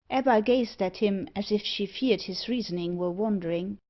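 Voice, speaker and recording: Woman narrating a gothic novel. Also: mid-range voice. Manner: measured, expressive reading. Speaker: audiobook narrator. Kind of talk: scripted narration. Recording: dull lo-fi audio.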